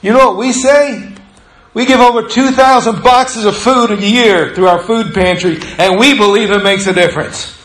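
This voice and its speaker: A man's voice: sits high, normal speed, fairly bright tone, echoey room, rough recording. A middle-aged male pastor preaching a sermon, telling stories in a conversational way and acting out the voices of the people he quotes. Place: church sanctuary.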